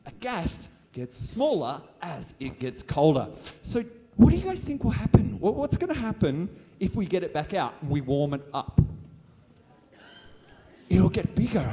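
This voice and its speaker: A man's voice: on the high side, very animated, moderate pace, mellow. An Australian man presenting a live science demonstration on stage, playful and jokey with a volunteer and the crowd. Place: stage in a large hall with an audience. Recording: reverberant hall.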